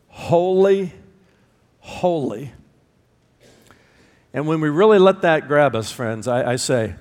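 A man preaching a sermon, emphatic, repeating words for stress and pausing between phrases. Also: fairly high pitch, big-room sound. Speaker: pastor.

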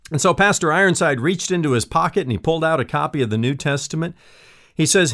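A male pastor delivers a sermon in an earnest, personal tone, speaking straight to the listener as a friend. His voice sits at an ordinary middle pitch for a man. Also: lively intonation, brisk, a bit bright.

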